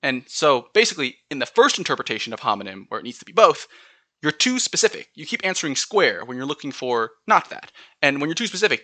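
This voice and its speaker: A man's voice: a little high, pushed and bright, no echo. A man with a General American accent hosting a solo podcast, chatting through word lists and spelling words out letter by letter. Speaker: podcast host.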